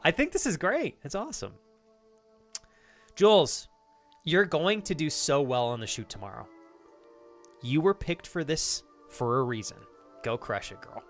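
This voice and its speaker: A male streamer talks to his chat in a fairly high, bouncing voice that jumps up whenever he gets excited. He stays casual and hyped, dropping swear words freely. Soft music plays faintly behind him.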